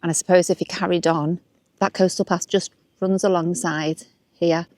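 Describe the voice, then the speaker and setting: A woman's voice: fairly low pitch, fairly even intonation, moderate pace, darkish tone, no room sound. A young woman from north-west England chatting to camera while walking outdoors, upbeat and laughing easily. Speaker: vlogger. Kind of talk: casual walking vlog to camera. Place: outdoors by a waterside path.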